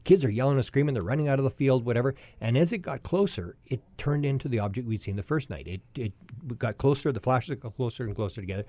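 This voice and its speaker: A man in his sixties telling a long personal story as a podcast guest, lively and anecdotal, often restarting his sentences. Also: mid-range voice, fast talker, no room sound. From Canada.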